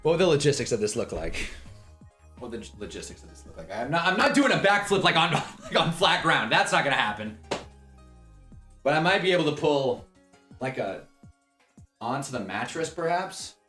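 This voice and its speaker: Excitable young man live-streaming. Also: moderate pace, pauses often, soft background music. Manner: excitable, swings between loud outbursts and low mumbling; profane, laughs often. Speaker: streamer reacting to awards show. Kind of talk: casual live-stream commentary.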